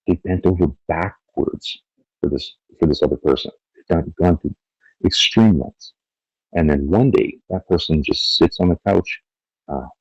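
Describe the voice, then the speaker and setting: A man's voice: a bass voice, no room sound, dull audio. A middle-aged man talking bluntly and profanely as a podcast guest, acting out quotes in his stories. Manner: blunt, profane, animated storytelling with acted-out quotes. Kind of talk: candid interview talk.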